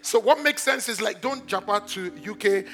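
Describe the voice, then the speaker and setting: High, bright-voiced preaching man. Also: normal speed, faint music behind. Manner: sing-song preaching, repeats phrases, builds to shouts. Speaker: pastor. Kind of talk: sermon.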